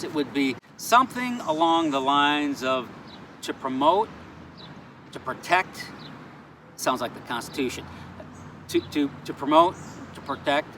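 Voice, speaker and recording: A man with a fairly high voice chats earnestly to camera outside in a town square. He is picked up from a distance, with cars and street noise clearly behind him. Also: expressive, moderate pace, a bit bright. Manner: earnest, chatty, playfully pleading. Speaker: vlogger. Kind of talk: casual outdoor vlog.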